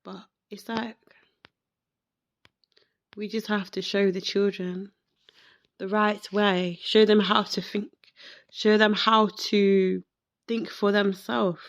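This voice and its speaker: Woman podcaster, emotional and reflective, unhurried, raspy fry in her voice. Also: mid-range voice, flat delivery. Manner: slow, reflective, repeats herself. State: emotional, close to tears. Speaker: podcast host. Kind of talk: emotional personal monologue.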